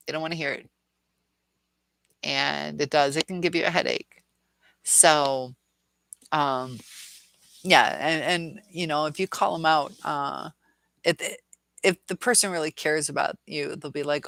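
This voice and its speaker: A woman's voice: low-pitched, normal speed, a bit bright, dry recording. A woman hosting a casual live stream, answering viewer comments in a chatty way, laughing often, with many fillers and restarts.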